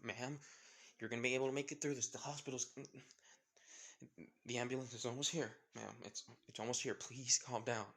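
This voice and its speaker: A man's voice: medium pitch, fairly even intonation, a bit bright, natural voice. A man voicing a brave young adventurer woman who urgently pleads with someone to hold on. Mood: pleading. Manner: urgent pleading, quick and insistent.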